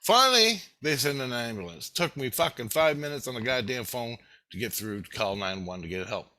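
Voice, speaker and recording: A man with a bright, sharp voice telling a story to camera. He rambles and swears freely, keeping the retelling lively and loose. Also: mid-range voice, a little fast. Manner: rambling, profane, animated retelling. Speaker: vlogger.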